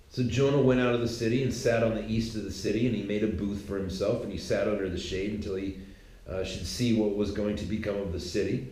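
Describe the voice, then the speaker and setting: A man casually retelling a Bible story in a slangy, animated, conversational way. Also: lowish voice, fast talker. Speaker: podcaster. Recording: echoey room.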